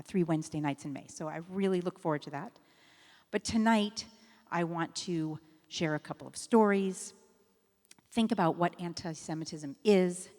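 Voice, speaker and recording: Woman rabbi giving a conversational sermon. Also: on the low side. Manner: warm, conversational, with fillers and self-corrections. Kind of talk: sermon with storytelling. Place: synagogue sanctuary. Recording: long reverb of a sanctuary.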